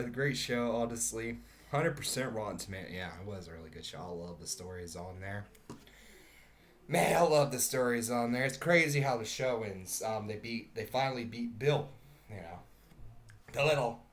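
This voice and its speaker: A man's voice: medium pitch, moderate pace, a bit bright. A man hosting a podcast in casual, rambling chat, laughing often and swearing casually. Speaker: podcast host.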